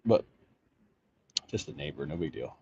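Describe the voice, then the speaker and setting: Deep-voiced, profane male vlogger who tells rambling stories, recorded on dull, muffled audio. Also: lively intonation, normal speed, dark tone, slight background noise. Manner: rambling, profane, restarts sentences. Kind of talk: casual storytelling vlog. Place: outdoors in an urban jungle, sleeping rough.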